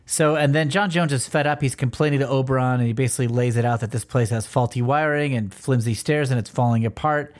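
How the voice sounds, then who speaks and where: A man's voice: mid-range voice, fast, hardly any pauses. A man co-hosting a podcast, chatting casually about comic books and now and then reading lines aloud in playful voices. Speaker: podcast co-host. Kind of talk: casual comic book discussion.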